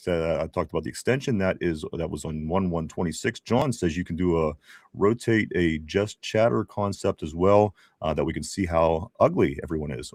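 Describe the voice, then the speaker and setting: A man's voice: deep voice, dry recording. Joking male live-stream host, dry sound. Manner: joking and animated, with laughs. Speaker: podcast co-host reading viewer comments. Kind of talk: casual live-stream chat.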